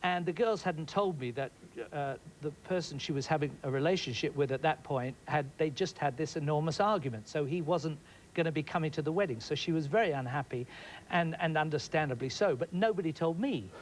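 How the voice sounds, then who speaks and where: A middle-aged man telling animated, laughing anecdotes as a guest in an interview. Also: on the high side, brisk, a little hiss or hum, rough recording. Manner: animated, laughing often, acts out scenes. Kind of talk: anecdotal storytelling.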